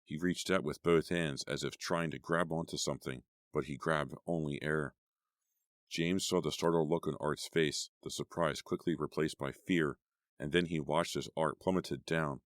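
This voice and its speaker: A man narrating a horror audiobook in a steady, measured storytelling voice. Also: very deep voice, no echo, clean studio sound.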